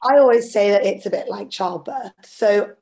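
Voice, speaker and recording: A woman co-hosting a podcast, talking in a chatty, expressive way as she shares personal stories. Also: medium pitch, moderate pace. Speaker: podcast co-host. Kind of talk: casual podcast chat.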